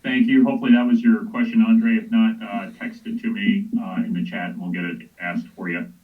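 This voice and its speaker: A man's voice: fairly low pitch, expressive. Male moderator on a tinny distant line. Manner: brisk and direct. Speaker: press conference moderator. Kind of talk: moderating questions.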